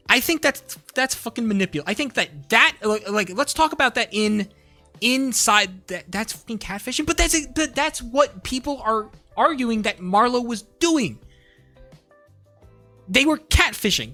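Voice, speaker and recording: A streamer in a heated, profane live-stream rant, full of restarts and repeated words, at times rising to shouts. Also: medium pitch. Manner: rises to shouting when angry.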